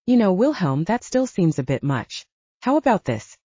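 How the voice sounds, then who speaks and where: A woman's voice: medium pitch, sing-song, normal speed, mellow, breathy edge, no echo, dull audio. A woman voicing a wry, shrewd young male hero in a storybook reading. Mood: bargaining.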